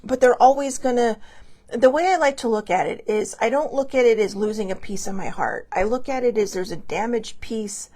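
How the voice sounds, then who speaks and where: A woman hosting her own show, talking casually and emotionally about losing a pet, halting and restarting often. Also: fairly high pitch, mellow. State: tearful, grieving. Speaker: host. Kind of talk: casual personal talk.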